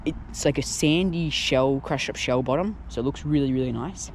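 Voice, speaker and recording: A man casually talking through a fishing trip on the water, chatty and excitable, recorded on an action camera. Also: mid-range voice, moderate pace, hardly any pauses, slight background noise. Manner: chatty, excitable, thinks aloud. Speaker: fishing vlogger. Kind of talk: casual narration while fishing.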